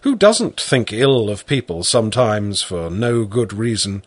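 A man narrating a story in the first person, reading slowly and expressively. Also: fairly low pitch, slightly rough, no room sound. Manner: slow, animated storytelling.

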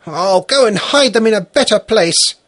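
A man voicing a gruff, stubborn four-year-old boy in a storybook reading. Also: very high-pitched, slow pace, fairly bright tone, voice pushed up, full character voice. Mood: sulky.

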